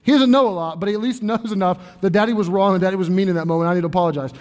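A man in his thirties preaches from the pulpit with a notably high voice. He talks earnestly and conversationally, stumbling and restarting phrases. A long reverb trails behind him in the church. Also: rapid-fire, darkish tone. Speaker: pastor. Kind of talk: sermon. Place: church sanctuary.

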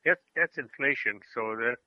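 Guy calling in to a podcast, calm and matter-of-fact, muffled lo-fi line. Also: medium pitch, normal speed, no echo. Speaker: podcast co-host. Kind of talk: casual podcast chat.

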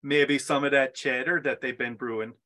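A man's voice: mid-range voice, fairly even intonation, moderate pace, pushed and bright, voice pushed down, lightly acted. A man doing an exaggerated, folksy Canadian man with a put-on Canadian accent. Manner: folksy, exaggerated stock phrases.

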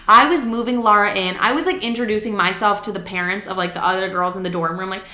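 A woman's voice: medium pitch, fast talker, hardly any pauses, sharp tone, reverberant. A young woman telling a casual story time, chatty and swearing, acting out the quotes. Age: young adult.

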